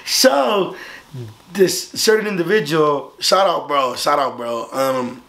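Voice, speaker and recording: A young man tells a story in a casual vlog, with a gravel-edged voice set a little high for a man. He swears freely and jumps into loud, animated impressions of the people in the story. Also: takes it slowly. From Southern California. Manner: profane, animated, acts out the other voices. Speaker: vlogger.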